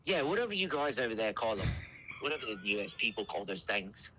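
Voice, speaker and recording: A man's voice: lowish voice, sing-song, fast, bright, forceful tone, a little hiss or hum, pitched below the performer's own voice. A man on a phone call putting on a fake British accent to play an irate male customer who stammers through his complaints. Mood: angry, blustering. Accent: put-on British.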